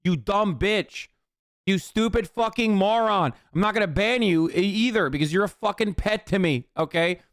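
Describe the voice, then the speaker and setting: A man's voice: high-pitched, normal speed, hardly any pauses, dry recording, clean studio sound. Profane, heated streamer man. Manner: heated, profane ranting at chat. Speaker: livestreamer reacting to a video. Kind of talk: casual reaction stream.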